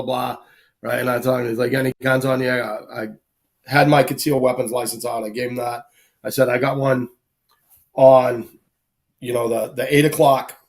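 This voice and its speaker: A man in a casual podcast chat, telling a rambling personal story full of "right?" and "like". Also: medium pitch.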